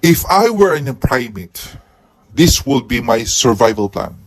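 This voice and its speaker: A man giving a comic movie review in a husky head costume, with deadpan jokes and sudden outbursts. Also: mid-range voice, a little slow. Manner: speaking while wearing a husky head costume.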